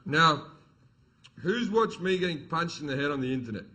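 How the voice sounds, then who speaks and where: A man's voice: fairly high pitch, animated, moderate pace, noisy background. A middle-aged man performing stand-up, telling stories in a blunt, profane, swaggering way. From Australia. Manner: profane, blunt, swaggering delivery with acted quotes. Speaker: stand-up comedian. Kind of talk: stand-up comedy storytelling. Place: live comedy venue with audience.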